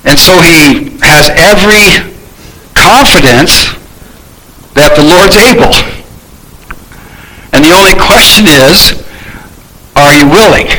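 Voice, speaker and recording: A man's voice: fairly high pitch, animated, slow pace, long pauses, bright, forceful tone, low-quality recording. A man preaching a sermon in a conversational teaching manner, reading Bible verses and then explaining them while asking his listeners questions.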